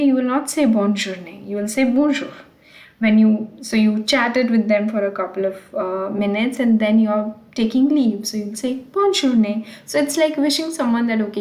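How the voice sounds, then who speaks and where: Slow, patient woman teacher, echoey room. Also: a little high, a little mellow. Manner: slow, repeats French words carefully. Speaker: French teacher. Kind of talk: explaining language lesson.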